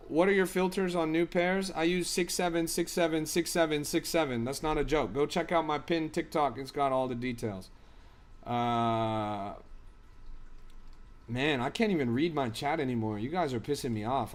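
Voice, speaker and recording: A man's voice: on the high side, normal speed. Exasperated young man ranting on a stream. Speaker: crypto streamer. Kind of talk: casual livestream chat reading comments.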